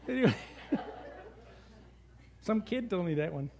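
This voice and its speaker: A middle-aged male pastor preaching a sermon with lively, conversational storytelling. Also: high-pitched, moderate pace.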